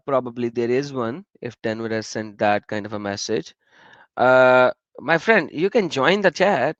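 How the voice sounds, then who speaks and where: Hosting a live stream, a man chats casually, laughing as he tells lively stories and speaks to people in the chat. His voice is medium-pitched. The recording is muffled, though there is no echo.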